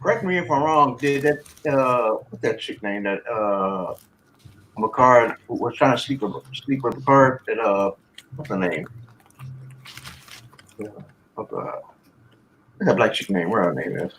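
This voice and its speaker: A man's voice: on the low side, animated, measured pace, long pauses, a bit bright, slight background noise, poor audio. A man in a casual chat, hesitant and fishing for words.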